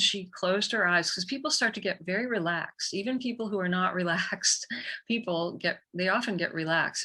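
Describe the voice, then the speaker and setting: Woman, energy healer guest, bright forceful voice, animated storyteller. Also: medium pitch. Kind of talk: conversational storytelling.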